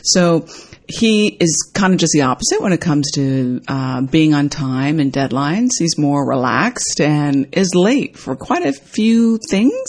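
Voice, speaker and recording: Woman, husky low-ish voice, animated personal storyteller who mimics the voices in her anecdotes. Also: a little slow. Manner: animated, acts out quoted dialogue with big pitch jumps.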